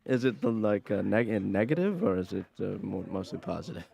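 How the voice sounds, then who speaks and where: A man's voice: on the low side, sing-song, a little fast, creaky, dark tone, exaggerated voice. A man voicing an awkward, hesitant young adult son in a cartoon, full of stammers and filler words. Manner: awkward, hesitant, self-absorbed.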